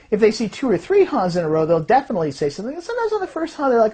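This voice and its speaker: Husky woman explaining with lively pitch. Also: fast. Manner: lively, acts out quoted voices while explaining. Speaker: fraud detection systems designer. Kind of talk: explanatory talk.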